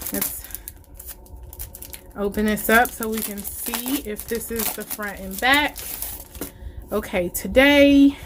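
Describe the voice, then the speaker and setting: Excitable woman gushing over an unboxing. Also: fairly high pitch, slight background noise. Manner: gushing, excitable, exclamations of delight. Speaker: planner unboxing vlogger. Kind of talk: casual unboxing chat to viewers.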